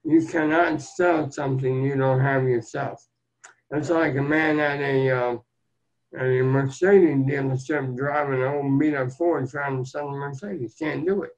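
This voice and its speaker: Speaking as an interview guest, an older motivational speaker recounts his life story in an earnest, plain-spoken, folksy manner. His mid-range voice stays steady and unhurried, though the recording itself sounds dull and lo-fi.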